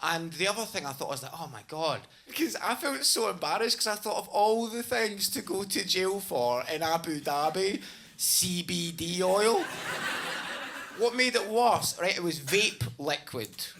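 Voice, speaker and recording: A man's voice: high voice, sing-song, moderate pace, hardly any pauses, a little hiss or hum. A man telling a wry stand-up anecdote. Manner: bright, wry anecdotal storytelling. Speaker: stand-up comedian. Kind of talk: stand-up routine.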